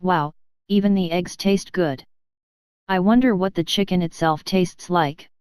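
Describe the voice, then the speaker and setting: Lady doing a hungry young girl mumbling through food, clear dry voice. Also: fairly low pitch, steady tone, a little slow, a little mellow, no room sound, lightly acted. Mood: delighted. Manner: mumbling, mouth full. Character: young woman, greedy, eager.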